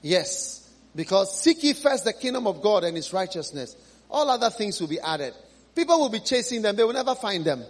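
A husky-voiced man preaching a fervent sermon in a high, lively register that leaps around. He repeats his lines for emphasis and swings between ringing cries and soft, pleading appeals to the people before him. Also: normal speed. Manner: swings from loud high exclamations to low hushed appeals; repeats phrases for emphasis, pleading questions to the congregation. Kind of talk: impassioned sermon.

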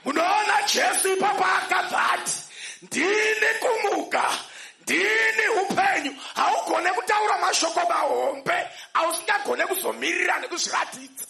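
Male interpreter, high forceful shouted delivery, slight rasp, echoey church hall. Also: moderate pace, faint music behind. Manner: shouting, emphatic.

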